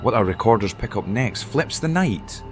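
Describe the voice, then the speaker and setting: Man narrating, dramatic, lively delivery, low-ish voice, faint music bed. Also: normal speed. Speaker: documentary narrator. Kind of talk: scripted narration.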